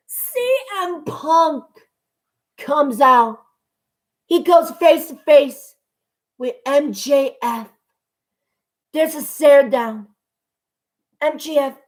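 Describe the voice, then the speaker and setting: A high-pitched woman casually reviews a wrestling show out loud, excitable and swearing freely, at times bursting into gushing shouts.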